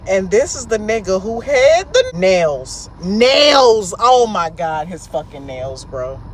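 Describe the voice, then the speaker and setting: A woman vlog host telling the story of a bad date in a blunt, profane, animated way, recorded inside a car. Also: medium pitch, takes it slowly.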